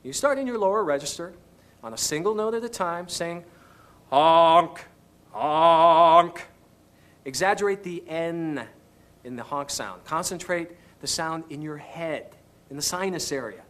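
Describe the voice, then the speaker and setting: A man's voice: on the high side, lively intonation, normal speed, a bit bright. A man teaching singing on an instructional video, patiently coaching each step. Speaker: vocal instructor.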